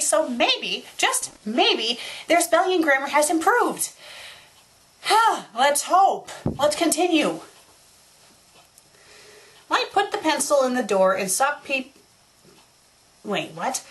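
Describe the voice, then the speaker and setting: A woman's voice: high-pitched, a bit bright. A woman hosting a critique show, reading a bad fanfiction aloud and breaking off into exasperated, mocking rants. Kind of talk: sarcastic dramatic reading with commentary.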